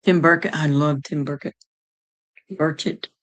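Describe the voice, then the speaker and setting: A woman's voice: low-pitched, steady tone, unhurried, rough recording. A middle-aged woman from Ohio, chatting casually and rambling as she answers her viewers' chat. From Ohio, United States.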